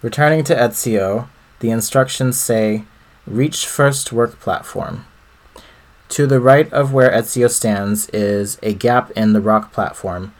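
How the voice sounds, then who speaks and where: A man co-hosting a podcast, steadily reading out a video game walkthrough with small fillers. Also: fairly low pitch. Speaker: podcast co-host.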